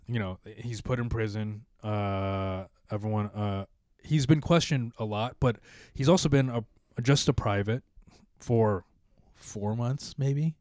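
A man with a lowish, smooth voice tells a story on a podcast in loose, casual chat. He rambles along with plenty of fillers and acts out the voices of the people he quotes. The sound is dry and close. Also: measured pace, darkish tone, no room sound. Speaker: podcast host telling a story.

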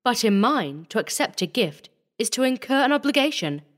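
A man's voice: extremely high pitch, normal speed, pitched above the performer's own voice. A man voicing a cool, mocking young noblewoman. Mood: aloof. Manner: cool, ironic, feigned innocence.

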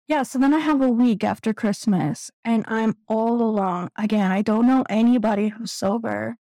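Woman in her 30s, halting and teary, kinda high voice but soft and warm, dry close sound. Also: no room sound, poor audio. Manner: candid, halting, tearful at times. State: close to tears. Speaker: guest sharing recovery story. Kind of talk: emotional personal testimony.

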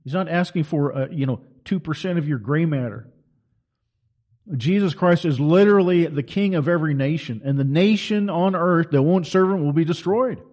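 A man's voice: fairly high pitch, moderate pace, darkish tone. A middle-aged man delivering an impassioned, preaching monologue as a Christian commentator, emphatic and full of rhetorical questions.

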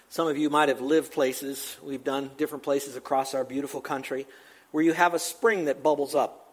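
An older man preaching a sermon, emphatic and repetitive, building to rising exclamations. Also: fairly high pitch. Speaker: pastor.

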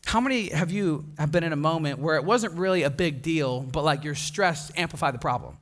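A man's voice: fairly high pitch, fairly quick. A young man from Wisconsin preaching a casual sermon, telling stories with laughter and acting out the people in them. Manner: animated, laughing, acts out voices of people in his stories. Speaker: pastor. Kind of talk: sermon with storytelling.

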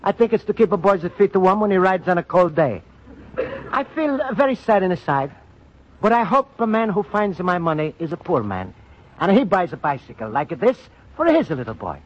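A gentle Italian immigrant. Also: male voice, high voice, very animated, moderate pace. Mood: earnest, worried. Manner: broken English, polite and pleading. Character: earnest Italian immigrant man, gentle and naive. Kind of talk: 1940s radio acting. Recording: dull lo-fi old radio recording with hiss.

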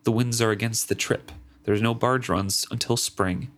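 A man reading as a weary, guarded young man, brushing off a suggestion in a fairly low, level voice. He sounds read aloud from a storybook. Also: steady tone, moderate pace, fairly bright tone, lightly acted. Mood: dismissive.

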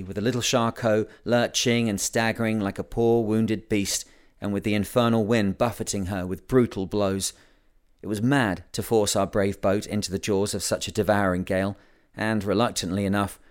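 Guy reading an old sailing memoir aloud, lowish voice, calm even storytelling. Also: clear, resonant tone. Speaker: audiobook reader. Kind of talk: scripted narration.

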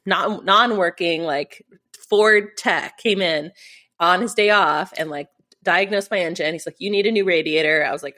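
Middle-aged woman interviewee, slightly low voice, animated storyteller. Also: normal speed. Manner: animated, acts out quotes, many fillers. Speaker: rally competitor.

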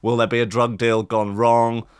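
A man's voice: mid-range voice, level tone, moderate pace, clean tone. A man telling a long comic story to his listeners, rambling through profane, self-mocking asides.

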